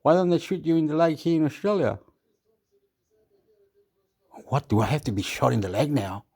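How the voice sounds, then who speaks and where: A man in Australia talks fast and animatedly in a fairly high, husky, slightly mellow voice during a casual YouTube vlog monologue. His rambling is erratic and repetitive as he leaps from thought to thought.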